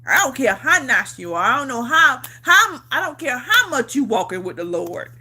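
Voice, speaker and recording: A woman's voice: high voice, very animated, normal speed, bright, forceful tone, slightly rough. A woman vlogger telling a personal story in a casual chat. She talks emphatically, repeats herself, swears freely and laughs often. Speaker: vlogger on a livestream.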